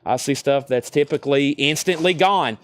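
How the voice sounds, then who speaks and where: Speaking at normal speed in a higher voice, a man with a Southern US accent auctions records live from a record shop. He lists each title, its condition and its price.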